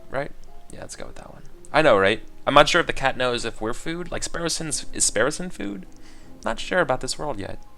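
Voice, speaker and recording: A man's voice: medium pitch, expressive, a little fast, creaky, pushed and bright, faint music behind. A man streaming a game live, chatting playfully and laughing often. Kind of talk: casual live-stream commentary.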